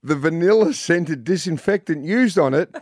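A man's voice: a little high, lively intonation, moderate pace, darkish tone, no room sound. A man co-hosting breakfast radio, giving dry, wry reactions. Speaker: radio co-host.

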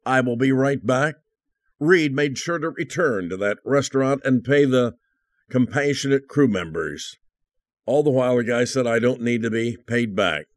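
A man's voice: medium pitch, no room sound, studio quality. An older man in his eighties hosting a Christian radio talk show, chatty and joking, laughing at his own lines.

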